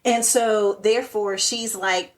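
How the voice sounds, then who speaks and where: A woman's voice: medium pitch, slow pace. A woman co-hosting a podcast, animatedly retelling a TV episode in casual chat, full of "like" and acted-out quotes. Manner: animated retelling, heavy use of "like" and quoted asides. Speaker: podcast co-host. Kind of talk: casual chat recapping TV shows.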